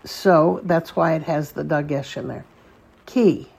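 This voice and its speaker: A woman teaching a language lesson, patient and deliberate, repeating each word slowly for learners. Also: low-pitched, steady tone, gravelly, a little mellow, slightly rough. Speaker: Hebrew teacher. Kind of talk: slow spoken lesson.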